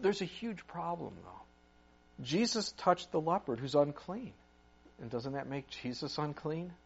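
Man, pastor, sermon, animated storytelling, higher voice, dull lo-fi sound. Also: measured pace, creaky, breathy edge. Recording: muffled lo-fi recording.

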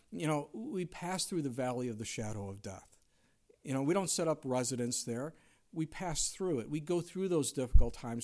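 A middle-aged man preaching a conversational sermon, dropping to hushed tones and rising into loud dramatic quotes. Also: fairly high pitch. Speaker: pastor.

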